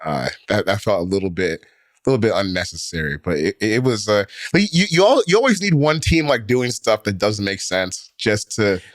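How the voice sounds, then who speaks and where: Low-voiced man in casual sports chat. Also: sing-song, moderate pace, no echo, clean studio sound. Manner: rambling, heavy on fillers and restarts. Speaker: podcast co-host.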